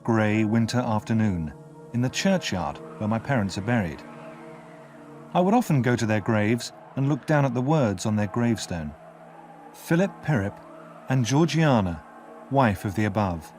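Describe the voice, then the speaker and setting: Expressive male audiobook narrator. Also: mid-range voice. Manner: expressive storytelling, measured pace. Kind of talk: scripted narration.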